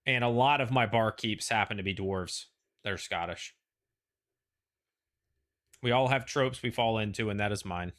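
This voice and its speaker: A man's voice: fairly low pitch, a little slow, long pauses, fairly bright tone. A man hosting a casual panel chat, rambling with lots of "like" and "you know" and frequent restarts. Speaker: show host.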